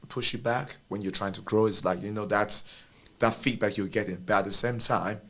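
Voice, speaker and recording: Male co-host with a lower register, chatty and self-mocking, full of restarts. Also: fairly bright tone. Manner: rambling, self-deprecating, many restarts. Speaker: podcast co-host. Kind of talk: casual podcast chat.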